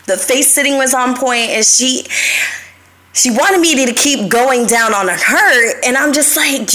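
A woman's voice: high voice, unhurried, pushed and bright. A young adult woman hosting a live show, telling stories in a casual, confessional way, swearing freely and talking straight to her listeners.

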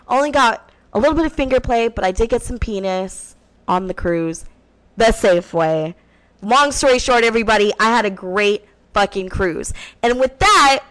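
A woman's voice: medium pitch, fairly bright tone, rough recording. A woman hosting her own radio show, telling a raunchy personal story in a brash, profane, frank way. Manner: brash and profane, talks frankly about sex.

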